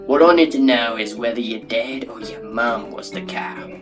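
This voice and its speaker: A man's voice: medium pitch, moderate pace, close to an everyday voice. A man doing a brash Australian animal breeder. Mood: boastful. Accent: put-on Australian. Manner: boastful, blustery showman. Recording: background guitar music.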